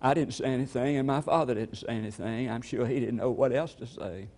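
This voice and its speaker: An older man from Georgia preaches in an unhurried storytelling cadence. His voice is gravelly, with a mid-range pitch for a man. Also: a little mellow. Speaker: pastor. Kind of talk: sermon.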